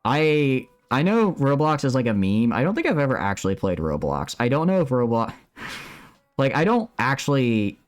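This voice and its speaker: A man's voice: mid-range voice, big pitch swings, normal speed. A man streaming live from home, chatting casually and reacting to his chat while he builds a model kit.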